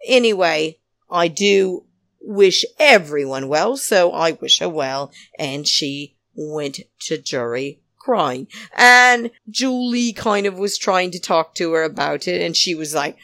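A woman's voice: lively intonation, slow pace, a bit bright, no echo. A middle-aged woman giving a rambling, blunt, opinionated recap of a reality show, full of fillers. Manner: rambling, blunt, many fillers, big pitch swings. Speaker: reality TV commentator.

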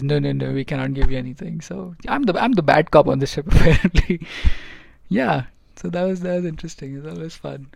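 Speaking with vocal fry in a fairly high, slightly mellow voice, a man who works as a ship's engineer rambles casually through onboard stories for his vlog, full of fillers and restarts. The recording is dry.

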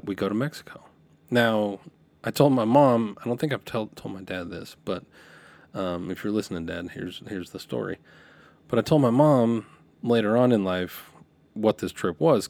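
A man's voice: fairly low pitch, vocal fry. A middle-aged man hosting a podcast, casually telling a rambling story from his youth, restarting his sentences as he goes. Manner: rambling, self-correcting, animated when quoting.

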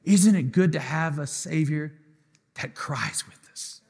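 A man who is a pastor preaching a sermon with passion, swinging between loud declarations and soft, quiet asides. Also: fairly high pitch, unhurried, creaky, husky. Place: church sanctuary. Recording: live church hall with music behind.

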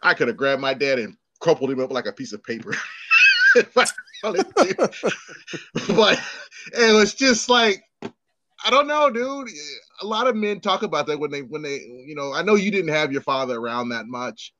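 A man in his thirties co-hosting a casual chat, an animated storyteller who swears and acts out quotes. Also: fairly high pitch, normal speed, lo-fi sound, noisy background.

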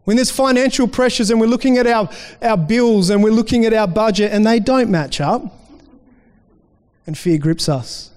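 A man with a high voice preaches to his congregation, chatty and loose, restarting phrases as he talks them through. His voice rings out with a long hall reverb behind it. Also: normal speed, a little mellow, clean tone. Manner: conversational preaching with restarts and acted-out quotes. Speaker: pastor. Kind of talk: sermon.

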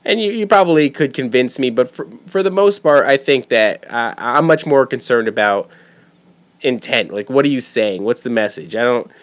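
With a medium pitch, lively intonation, and normal speed, a dad talks casually about his son. He rambles, curses without holding back, and keeps restarting and stumbling over words.

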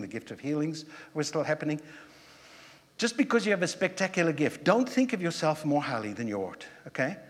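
A man preaching a sermon as pastor, conversational, with rhetorical questions and quick asides to the congregation. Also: medium pitch, big-room sound.

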